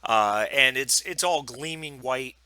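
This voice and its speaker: A man's voice: mid-range voice, unhurried, sharp tone. A man narrating as game master for a tabletop role-playing game, rambling with many ums and restarts.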